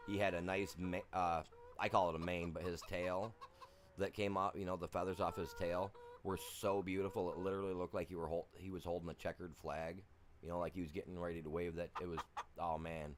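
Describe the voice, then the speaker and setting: A man's voice: low voice, level tone, fairly quick, noisy background. A man streaming a farming game, chatting casually with viewers in a rambling way, full of "you know" asides. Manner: rambling, talks to chat, lots of "you know". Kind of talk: casual gaming livestream chat.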